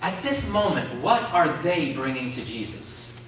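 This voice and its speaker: A man's voice: on the high side, big pitch swings, a little slow, fairly bright tone, a little hiss or hum. A man preaching a sermon, calling out questions to the congregation. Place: community centre hall. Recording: echoey hall from far off.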